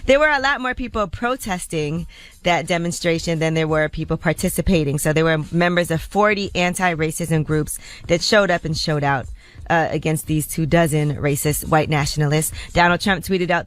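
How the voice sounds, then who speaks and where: A woman's voice: sits low, moderate pace. A woman co-host reading news on a morning radio show. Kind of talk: news reading and casual chat.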